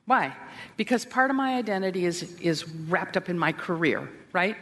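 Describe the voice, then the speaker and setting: A woman's voice: lowish voice, lively intonation, normal speed, a bit bright. A middle-aged woman giving a candid, self-deprecating talk to women, with wry asides. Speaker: Christian women's speaker. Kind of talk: conference talk. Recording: long hall reverb.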